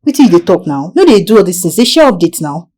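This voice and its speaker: A woman's voice: lowish voice, very animated, fast talker, a little mellow. An actress with a Nigerian accent plays a nosy young woman teasing and pressing her friend in Pidgin.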